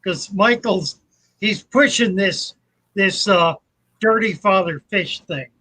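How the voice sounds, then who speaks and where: An easygoing man hosts a casual livestream, chatting with guests and viewers. His voice is high and bright for a man, and the sound is close and dry. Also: slow, no room sound, low-quality recording. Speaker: livestream host and fish shop owner. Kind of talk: casual chat.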